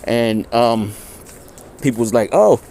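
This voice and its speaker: Mellow-voiced man telling a story. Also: a little slow, slight background noise. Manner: slangy, loose street talk, acts out quoted voices higher. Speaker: interviewee. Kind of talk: casual storytelling.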